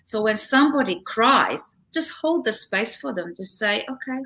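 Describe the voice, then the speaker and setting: Bright-voiced woman, animated storyteller. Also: fairly high pitch, a little slow. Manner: animated storytelling, laughs often. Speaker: relationship coach, guest. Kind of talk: casual interview chat.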